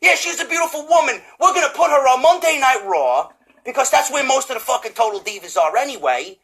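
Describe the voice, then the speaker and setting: A man with a New York accent, ranting about wrestling with heavy swearing, mockery and frequent shouts. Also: extremely high pitch, sing-song, fast talker, husky. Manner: swearing, often shouting, mocking. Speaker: wrestling reviewer. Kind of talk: profane comedic rant.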